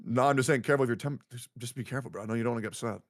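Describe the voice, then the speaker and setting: A man's voice: mid-range voice, very fast. A man streaming, arguing over a call in a dismissive, mocking way and cursing often. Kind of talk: heated online argument.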